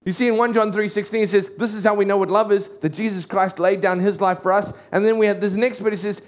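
A pastor giving a sermon in an earnest way, repeating key phrases for emphasis. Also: male voice, high voice, fairly even intonation, fast, hardly any pauses.

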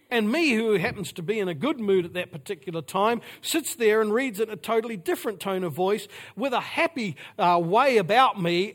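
Male preacher, higher-pitched voice, emphatic and repetitive delivery. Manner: repetitive, emphatic preaching with sudden drops to quiet. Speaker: pastor. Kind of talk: sermon.

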